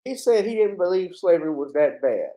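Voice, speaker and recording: A man's voice: high-pitched, big pitch swings, fairly quick, dark tone. A man hosting a livestream, giving blunt, indignant commentary and swearing freely. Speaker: livestream host. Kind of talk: heated commentary.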